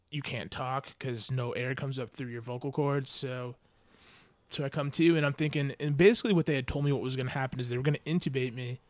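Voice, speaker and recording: A man's voice: medium pitch, no room sound. Young man telling a rambling, profane story. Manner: rambling storyteller, swears often, many fillers. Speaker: podcast host. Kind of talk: casual chat.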